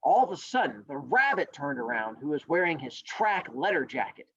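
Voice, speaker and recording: A man's voice: fairly high pitch, big pitch swings, moderate pace, fairly bright tone, husky. A man teaching a class, explaining and telling a story in a playful, jokey way. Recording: dull lo-fi recording.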